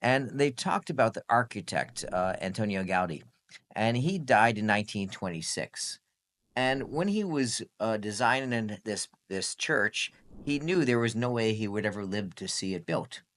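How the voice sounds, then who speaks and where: A man's voice: lowish voice, animated, moderate pace, fairly bright tone. A man hosting a podcast, chatting casually and rambling with frequent restarts. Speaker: podcast host.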